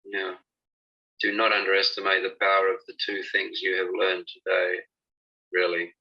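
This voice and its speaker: A man teaching a spiritual healing practice, giving slow, reassuring, instructive guidance. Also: low voice, monotone, slightly rough, muffled recording. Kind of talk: guided healing session and talk.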